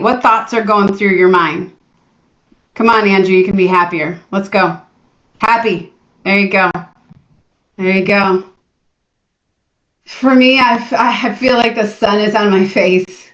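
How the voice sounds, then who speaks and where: A woman coach giving a live motivational workshop to an audience in a room, energetic and coaxing people to join in. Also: medium pitch, measured pace, pauses often. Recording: echoey room, dull lo-fi sound.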